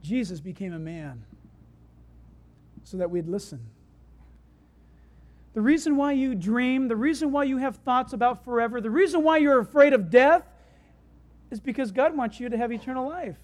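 A preacher working through a sermon with everyday stories. The delivery is conversational and animated, rising to loud bursts and dropping low and quiet. The pitch sits in the middle. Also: normal speed, long pauses. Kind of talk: sermon with storytelling.

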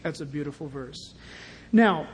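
A male pastor preaching an animated sermon in a warehouse church, declaiming scripture emphatically. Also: a little high, unhurried, a little hiss or hum. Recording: long reverb in a large hall.

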